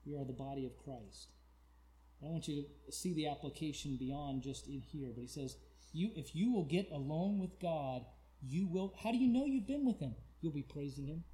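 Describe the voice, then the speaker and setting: A man preaches a sermon. He drops to near whispers and then builds to loud, shouted cries, stretching his pleading lines slowly. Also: on the high side, lively intonation.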